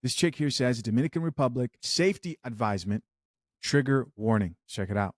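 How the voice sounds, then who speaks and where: A man hosting a reaction commentary, talking in a measured, hedging way with disclaimers. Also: mid-range voice, dry recording, clean studio sound. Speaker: commentary host.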